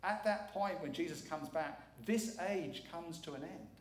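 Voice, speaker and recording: Preaching as a visiting speaker, this middle-aged man keeps a measured pace in a higher-leaning voice. His sermon is earnest and forceful, with words repeated for emphasis, and the church sanctuary gives it an echoey hall sound.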